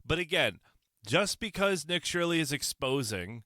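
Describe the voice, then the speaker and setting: A man's voice: a little high, big pitch swings, moderate pace, sharp tone, no room sound, clean studio sound. A man hosting his own opinion podcast, talking on his own into a microphone, sarcastic and firing off rhetorical questions. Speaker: podcast host. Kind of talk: solo opinion podcast monologue.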